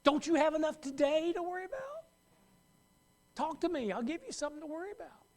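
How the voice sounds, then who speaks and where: Man, pastor, sermon, high voice, very animated pitch, conversational. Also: brisk. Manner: conversational, acts out worried voices, laughs at own jokes.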